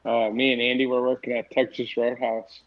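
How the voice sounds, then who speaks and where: A man's voice: medium pitch, completely flat delivery, a little fast, a little hiss or hum. A young man co-hosting a podcast, telling crude, laid-back stories in casual chat. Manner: profane, laid-back storyteller. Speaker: podcast co-host. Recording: dull lo-fi mic.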